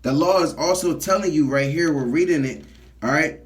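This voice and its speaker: A man's voice: fairly high pitch, moderate pace. A man preaching from scripture, reading verses aloud and then explaining them in plain talk, often checking in with "all right?". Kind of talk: street sermon teaching scripture.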